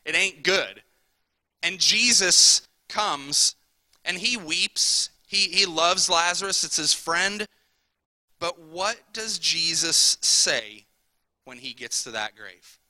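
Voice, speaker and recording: A pastor, a man, delivers a sermon with a very bright, cutting tone and a voice a bit higher than most men's. He talks to the congregation casually, tossing in "right?" and dropping to quiet asides before pushing back up to loud emphasis. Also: animated, takes it slowly, no echo, poor audio. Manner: conversational preaching, repeats "right?", swings from soft asides to loud emphasis.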